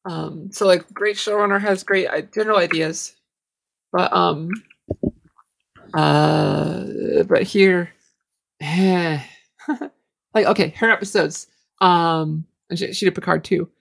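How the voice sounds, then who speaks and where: A woman's voice: fairly low pitch, steady tone, takes it slowly, gravelly, long pauses, a little hiss or hum. Giggly, hesitant woman co-hosting a podcast. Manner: giggly, hesitant, filler-heavy speech. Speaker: podcast co-host. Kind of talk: casual review chat.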